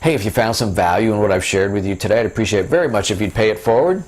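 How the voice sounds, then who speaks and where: A man's voice: fairly low pitch, rapid-fire, darkish tone. A middle-aged man casually telling a rambling story to camera, with many fillers and restarts, as host of a business video series.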